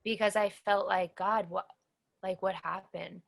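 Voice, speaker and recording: A woman speaks with real conviction in an interview, telling her own story in a bright, forceful tone. Her voice carries a noticeable gravelly fry. She leans on repetition for emphasis as she recounts what happened. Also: medium pitch, steady tone, a little slow. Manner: earnest, emphatic storytelling with repeated phrases. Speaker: cancer survivor guest. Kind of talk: personal testimony interview.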